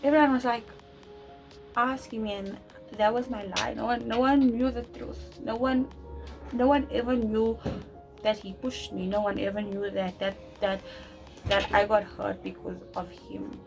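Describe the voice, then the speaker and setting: A young woman telling a personal story to camera, talking loud and fast with many restarts. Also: on the high side, fairly even intonation, vocal fry, music in the background, rough recording. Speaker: vlogger.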